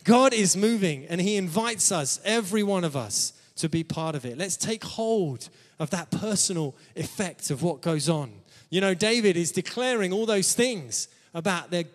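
Male preacher, higher-pitched, sermon delivery, laughs between phrases, church hall reverb. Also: animated, moderate pace, hardly any pauses. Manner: calls out amen to the congregation.

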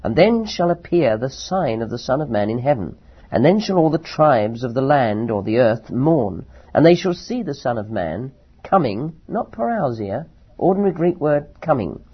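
A man teaching verse by verse from the Bible, reading scripture slowly and then explaining it with emphatic rises. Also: mid-range voice, sing-song, slightly rough. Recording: dull lo-fi recording.

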